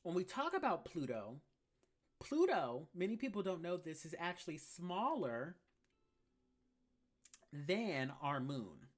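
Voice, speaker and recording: During a live collective reading, a tarot reader speaks with a sassy, blunt manner and plenty of casual slang, repeating key phrases for emphasis and answering chat comments on the fly. The voice is mid-range with big pitch swings and a moderate pace.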